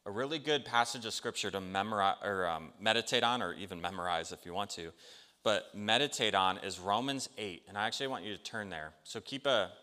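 A man's voice: fairly low pitch, brisk, bright, forceful tone. A man preaching a sermon in an earnest, conversational way, acting out the people he quotes. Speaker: pastor. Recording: long hall reverb.

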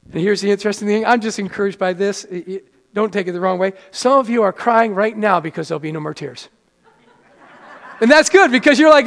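A middle-aged man preaching a sermon in a church in a conversational way, stumbling over restarts and sinking to soft, quiet lows. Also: expressive, normal speed, gravelly. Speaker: pastor. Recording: long hall reverb.

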